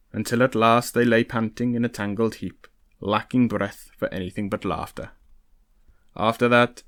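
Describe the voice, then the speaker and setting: A man with a fairly low voice reads a historical novel aloud, narrating in a steady, even storytelling manner. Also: smooth. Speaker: audiobook reader.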